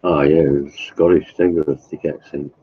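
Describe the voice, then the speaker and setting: A man with a rumbling, very low voice and a rough, husky edge chats loosely with his viewers and greets them by name. His sound comes through thin and narrow, like a phone line, and he talks from home. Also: fairly even intonation, moderate pace. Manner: rambling, addresses chatters by name. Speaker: livestreamer. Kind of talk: casual chat with live viewers.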